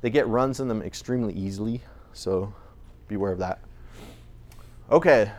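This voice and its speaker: A man with a fairly low voice gives a casual lecture on voice recording to a small audience, speaking at normal speed. His delivery is chatty and conversational, with frequent restarts.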